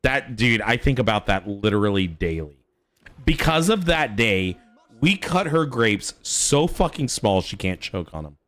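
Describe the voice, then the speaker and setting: A man's voice: lowish voice, unhurried, no echo. A man streaming a game, telling stories about his toddler in a casual, swearing chat. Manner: animated storytelling, swearing. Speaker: father.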